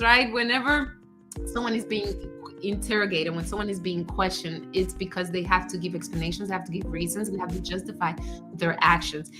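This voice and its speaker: A woman career coach giving casual advice, animated, acting out example phrases and laughing often. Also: lowish voice, fairly quick, music in the background. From United States.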